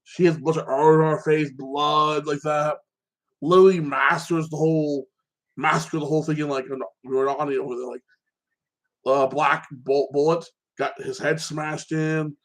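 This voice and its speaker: A man excitedly recapping a movie in a casual chat, rambling and filling his talk with fillers. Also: on the high side, normal speed. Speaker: podcast host.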